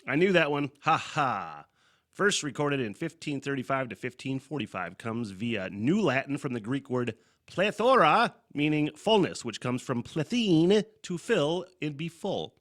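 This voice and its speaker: On his solo podcast, a man with a slightly bright, sing-song mid-range voice talks a little slowly. He rambles in a loose, profane way, full of fillers and chuckles, swearing freely and laughing at his own side comments.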